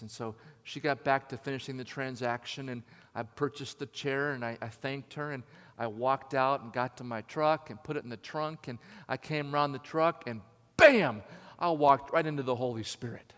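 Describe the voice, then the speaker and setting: A man preaching a sermon as a lively story, acting out the people in it. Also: mid-range voice. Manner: animated, acts out voices. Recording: long hall reverb.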